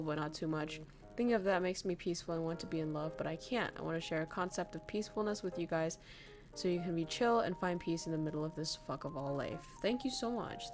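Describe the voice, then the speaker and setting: A young woman from northern Vietnam, candidly chatting with viewers as a streamer, swearing freely and laughing often. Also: fairly low pitch. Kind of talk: casual chat reading viewer messages.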